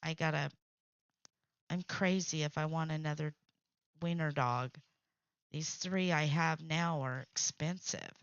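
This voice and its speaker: A middle-aged woman talks slowly and easily in a low, gravelly voice, reading out viewer comments and chatting as she goes. She laughs often and repeats herself. The recording is dry and a little dull in tone. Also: fairly even intonation, no echo. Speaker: host of a crafting livestream.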